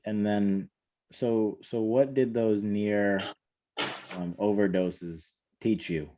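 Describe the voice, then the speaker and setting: Guy hosting a podcast, deep and slow, short thoughtful questions. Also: fairly even intonation, warm tone, a little hiss or hum. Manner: brief, thoughtful follow-up questions. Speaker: podcast host. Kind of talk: interviewing.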